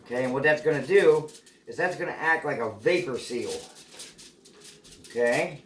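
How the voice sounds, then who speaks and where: A man's voice: mid-range voice, normal speed, a bit bright. A man hosting a casual cooking demonstration at home, chatty and playful. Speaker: cooking show host. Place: home kitchen. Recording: echoey home kitchen.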